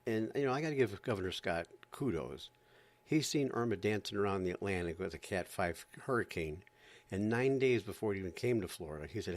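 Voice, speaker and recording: A man's voice: on the low side, expressive, a little fast. A man hosting a podcast, ranting in an exasperated, sarcastic way and often repeating himself. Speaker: podcast host. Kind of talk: ranting commentary.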